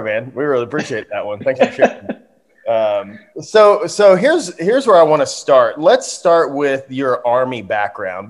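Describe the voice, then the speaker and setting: A man hosting a podcast, asking loose, rambling questions in an easily amused way. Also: medium pitch. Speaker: podcast host. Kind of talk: casual interview.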